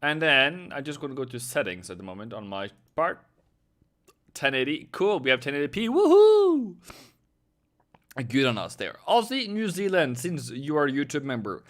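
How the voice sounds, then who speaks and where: A man's voice: mid-range voice, sing-song, fairly quick, fairly bright tone. Chatty man streaming live trades. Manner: chatty, rambling, talks to viewers by name. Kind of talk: casual live-stream commentary.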